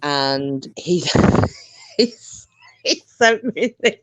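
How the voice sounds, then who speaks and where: Chatty woman telling stories, lively pitch. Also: extremely slow, dry recording. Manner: chatty storyteller, laughs often, swears. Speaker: stream host. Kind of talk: casual chat.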